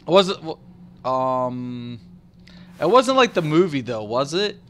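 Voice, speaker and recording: A man streaming a game, chatting casually and excitedly with his viewers, with lots of restarts and fillers. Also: mid-range voice, takes it slowly, slight background noise. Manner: rambling, excitable, talks back to chat. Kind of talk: casual live-stream chat.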